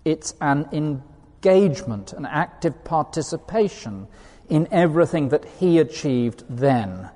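A man's voice: fairly high pitch, animated, measured pace, mellow. A man preaching a sermon in an earnest, emphatic way, reading quotations aloud to his listeners. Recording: long reverb of a hall.

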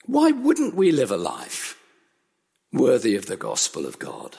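Gravelly, husky male preacher in a hall. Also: mid-range voice, wildly swooping pitch, a little slow, dark tone. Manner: earnest, emphatic, building repetition. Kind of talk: sermon.

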